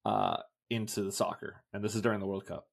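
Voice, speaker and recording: A man's voice: low voice, fairly quick, creaky. A young man co-hosting a casual sports podcast, swearing freely and telling stories with put-on voices. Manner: animated storyteller, swears often, puts on voices in anecdotes. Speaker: podcast co-host. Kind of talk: casual chat.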